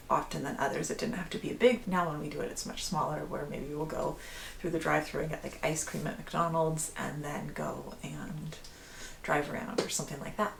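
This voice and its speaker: A woman's voice: low-pitched, vocal fry, roomy sound, slight background noise. A middle-aged woman talking candidly in a personal vlog, rambling a little, restarting phrases and laughing often. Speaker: vlogger.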